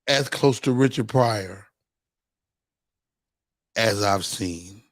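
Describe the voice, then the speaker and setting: A man's voice: lowish voice, very slow, no room sound, studio quality. A man hosting a podcast, chatting casually and bantering playfully with his guest. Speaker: podcast host. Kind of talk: casual chat.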